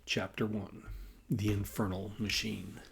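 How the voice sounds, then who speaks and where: Author reading his own novel: man, low, gravelly, husky, measured. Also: level tone, fairly bright tone, slight background noise. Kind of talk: audiobook narration.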